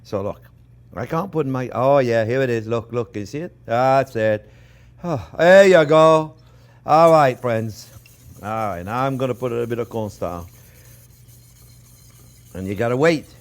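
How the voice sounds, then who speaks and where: This French-accented chef speaks in a medium-pitched voice, a little slowly and with long pauses. He chats through a kitchen cooking demo, repeating himself and treating the audience as friends.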